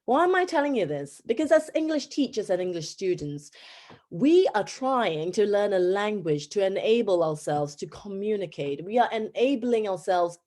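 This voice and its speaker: A woman in her thirties from Singapore with a Singaporean accent, an English teacher giving a conference talk in an animated storytelling manner. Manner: animated storytelling with pitch jumps.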